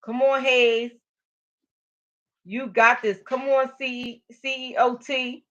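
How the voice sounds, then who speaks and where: Woman live-stream host, bright and energetic, cheering viewers on; slightly muffled stream audio. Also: fairly high pitch, slow pace. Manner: energetic, encouraging, calls out to viewers. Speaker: motivational livestream host. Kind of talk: live-stream pep talk reading comments.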